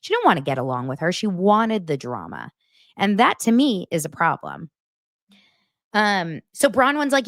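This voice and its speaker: A woman's voice: medium pitch, very animated, moderate pace, no room sound, studio quality. A woman hosting a podcast, recapping reality TV in a sarcastic, exasperated way. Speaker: podcast host.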